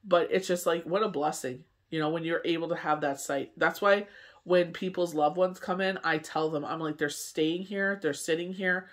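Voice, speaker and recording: Canadian male medium, rambling casual talker, slightly high pitch. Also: fairly even intonation, moderate pace, fairly bright tone. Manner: rambling, full of "you know what I mean". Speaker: tarot reader and medium. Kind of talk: casual chat to camera.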